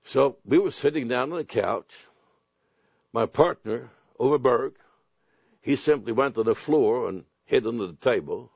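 A man preaching a sermon, telling personal stories and reading scripture slowly and deliberately. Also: medium pitch, expressive, vocal fry, a little mellow, slightly rough, no room sound. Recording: dull lo-fi sound.

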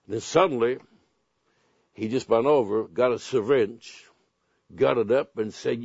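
A man preaching a sermon, telling personal stories and reading scripture slowly and deliberately. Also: mid-range voice, gravelly, slightly rough, dry recording. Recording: dull lo-fi sound.

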